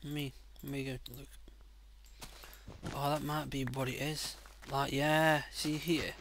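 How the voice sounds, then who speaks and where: A man casually commenting on his own gameplay, excitable and quick to swear loudly when frustrated, speaking into a desk mic. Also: mid-range voice, noisy background. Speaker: gaming channel host. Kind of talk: casual let's-play commentary.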